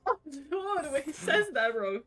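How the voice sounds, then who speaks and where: Giggly young woman streamer, lively pitch. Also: moderate pace, soft background music. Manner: emotional, giggly, reads game text aloud. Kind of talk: live gameplay commentary.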